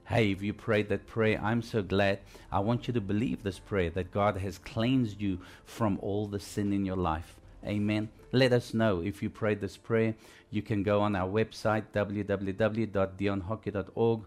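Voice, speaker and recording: A man preaching a broadcast sermon in a conversational way. He asks listeners questions and turns louder and higher when stressing a point. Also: steady tone, measured pace, soft background music. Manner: frequent fillers and restarts.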